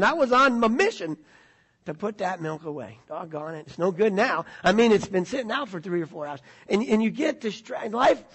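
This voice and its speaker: A middle-aged man, preaching a conversational sermon and asking the congregation questions. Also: high-pitched. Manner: conversational, repeats words, asks the audience questions. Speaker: pastor.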